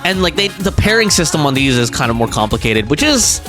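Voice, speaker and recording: A man's voice: on the high side, sing-song, brisk, over music. A young man streaming a game live, chatting casually and rambling with fillers and restarts.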